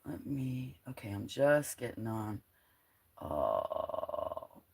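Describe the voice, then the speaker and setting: A woman with a croaky, frog-like voice hosting a casual livestream, rambling, laughing often and reading out her chat. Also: rumbling low, big pitch swings, very slow, a little mellow. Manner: chatty, rambling, laughs often, drops to a near whisper at times. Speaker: livestream host.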